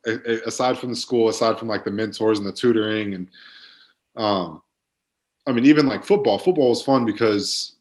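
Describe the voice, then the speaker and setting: Laid-back young man telling stories. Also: mid-range voice. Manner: laid-back storytelling, many fillers. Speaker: guest, pro football player. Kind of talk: casual podcast chat.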